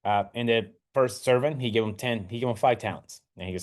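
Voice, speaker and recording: A man's voice: on the low side, fairly even intonation, quick pace. A man hosting a casual talk, retelling a parable in a rambling way with many restarts. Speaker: host.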